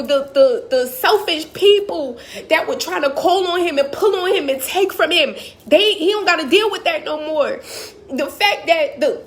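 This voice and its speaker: A woman, giving an impassioned, emotional personal monologue as a motivational speaker. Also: high-pitched. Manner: impassioned, talks straight to the audience.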